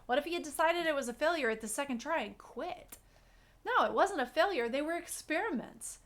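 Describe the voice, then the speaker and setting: A woman co-hosting a podcast in casual chat, telling stories in a reflective, animated way. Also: high-pitched, a little fast. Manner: storytelling, reflective, animated asides. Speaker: podcast co-host.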